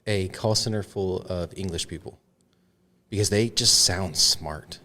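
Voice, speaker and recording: A man's voice: low-pitched, a little slow, pushed and bright. A man hosting a podcast, asking questions in an easygoing way and laughing often. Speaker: podcast host. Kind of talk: casual podcast interview.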